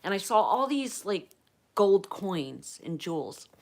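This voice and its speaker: A woman from Pennsylvania hosting a livestream, telling a personal story in a chatty, animated way and acting out the quotes. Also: mid-range voice, slow. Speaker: livestream host.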